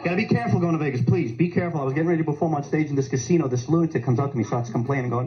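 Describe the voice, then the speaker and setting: A man's voice: fairly high pitch, very fast, hardly any pauses. A male stand-up comedian doing a live set with punchy delivery, acting out the characters in his jokes in front of a club audience. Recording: lo-fi club recording with loud audience. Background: audience laughter.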